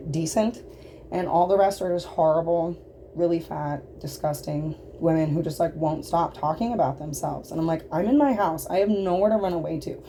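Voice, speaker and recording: A woman in full storytime-rant mode, indignant and exasperated, stacking fillers and blunt swearing as she vents. Her voice sits a little low and sounds mellow and relaxed in tone, with a faint hiss of noise under it. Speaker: vlogger telling a story.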